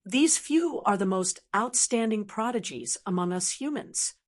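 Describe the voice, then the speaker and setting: A woman's voice: medium pitch, expressive, unhurried. Woman reading a curt domineering elder fighter. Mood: indifferent. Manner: curt, indifferent. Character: domineering senior male martial artist, indifferent.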